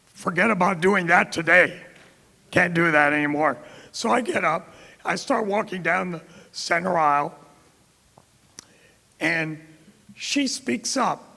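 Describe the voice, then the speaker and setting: A middle-aged man from Florida tells stories from a podium in a slow, measured way. His fairly high voice has a gravelly edge. The sound rings with the long echo of a big hall. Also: sharp tone. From Tampa, Florida. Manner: anecdotal, quotes others in dialogue. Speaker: keynote speaker. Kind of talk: storytelling speech. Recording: reverberant hall.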